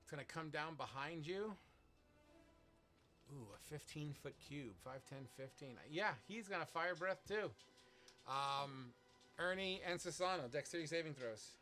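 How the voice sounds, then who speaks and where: A man's voice: a little high, normal speed, sharp tone, faint music behind. A man running a tabletop game as game master, narrating monster turns casually and swearing freely between laughs.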